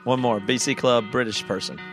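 A man's voice: medium pitch, steady tone, moderate pace, over music. A man co-hosting a podcast, talking in a laid-back, thoughtful way. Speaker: podcast co-host. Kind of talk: casual podcast chat.

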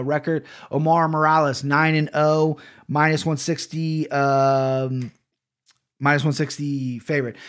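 A man from Ohio hosting a betting podcast, talking casually, rambling, swearing and often correcting himself. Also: on the high side. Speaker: podcast host picking fight bets.

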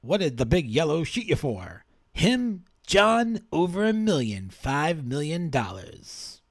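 A feverish dying gangster drawls in a high, sing-song Southern voice, as a man puts him on, rambling and halting through broken thoughts. The swoops in pitch are wide and lively. The sound is close and dry. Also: dry recording, heavily acted. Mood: fevered. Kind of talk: playful dramatic reading.

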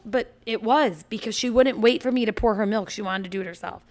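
A woman co-hosting a podcast, a mother of four talking in animated, swear-heavy banter, acting out her own yelling. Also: fairly high pitch, fast talker, few pauses. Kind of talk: casual couple banter.

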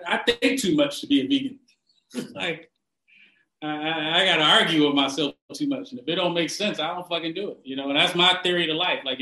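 A man ranting casually and bluntly, swearing constantly, laughing often and getting animated when he mocks people. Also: on the high side, reverberant, poor audio. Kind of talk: casual profane rant.

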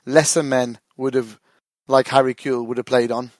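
A man's voice: mid-range voice, level tone, normal speed, no echo. A man co-hosts a casual football podcast, rambling through his story with laughs and swearing. His voice sits in a middle register. The sound is dry and close, with no room around it. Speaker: podcast co-host.

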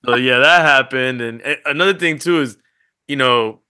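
Bright-voiced man telling family stories. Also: medium pitch, moderate pace, clear, resonant tone. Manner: animated storytelling, acts out family quotes. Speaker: podcast co-host. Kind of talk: casual chat.

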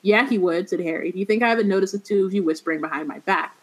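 A woman reading a novel aloud and breaking off to chat about it with friends, slangy and relaxed. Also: mid-range voice, rapid-fire. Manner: reads passages then riffs with slang. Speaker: podcast host reading a book aloud.

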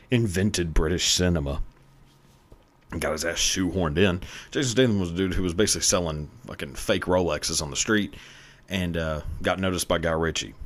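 A podcast host in casual solo commentary, ranting profanely and emphatically about award shows. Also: male voice, low-pitched.

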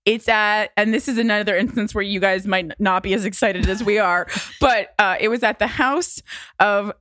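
A woman's voice: mid-range voice, fairly even intonation, normal speed, fairly bright tone, no echo. A woman co-hosting a podcast in casual chat, tossing in wry asides and giggling often. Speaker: podcast co-host.

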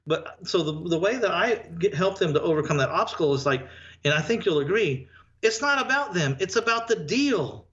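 A man's voice: sits high, fairly quick. A man who invests in and teaches real estate, talking in a casual interview and acting out the people in his stories. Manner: animated storyteller, acts out dialogue. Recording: dull lo-fi remote audio.

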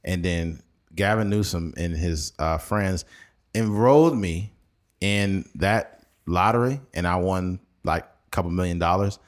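A man's voice: sits low, measured pace. A man co-hosting a casual podcast, joking and cursing through mock-outraged rants. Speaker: podcast co-host. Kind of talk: casual chat.

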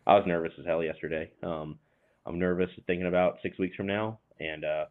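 A man talking as a podcast guest in an earnest, measured way. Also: low-pitched, fairly even intonation. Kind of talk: casual chat and prepared explanation. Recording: tinny phone line.

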